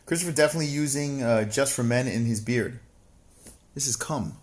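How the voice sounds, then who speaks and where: A man talking loosely on a livestream, swearing at almost every turn and drifting from mocking asides into loud, exasperated rants. His voice sits at an ordinary middle pitch for a man. He reads viewer messages aloud and answers them off the cuff. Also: a little fast. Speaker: livestream co-host reading chat. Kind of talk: casual profane chat.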